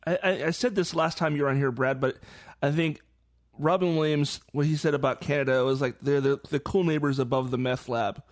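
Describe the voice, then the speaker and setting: A man hosting a casual podcast chat, laid-back and quick to laugh. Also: fairly high pitch, fairly even intonation.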